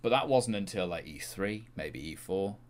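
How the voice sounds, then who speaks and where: This is a man with a fairly low voice, a guest on a podcast. He speaks casually and hesitantly, leaning on fillers and often trailing off before finishing a thought. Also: animated, moderate pace. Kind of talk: casual chat.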